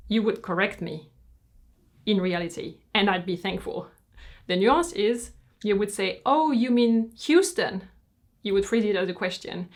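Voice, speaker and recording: French woman giving frank fashion reviews. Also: mid-range voice. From France. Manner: measured, explanatory, frank. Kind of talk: opinionated review commentary.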